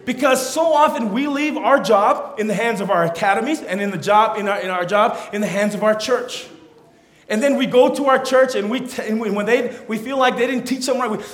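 High-voiced preacher in an echoey church. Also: male voice, brisk. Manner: rising to loud emphatic peaks, then dropping low and soft. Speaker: pastor. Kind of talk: sermon.

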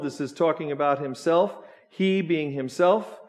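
A man preaching a sermon, slow and emphatic, asking the congregation questions as he goes. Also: on the high side, a little mellow. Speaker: pastor.

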